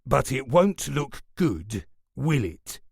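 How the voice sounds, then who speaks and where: A man voicing a stern, menacing police superintendent who talks in a measured, remorseless way. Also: medium pitch, sing-song, gravelly, darkish tone, slightly rough, dry recording, studio quality, heavily acted. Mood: cold.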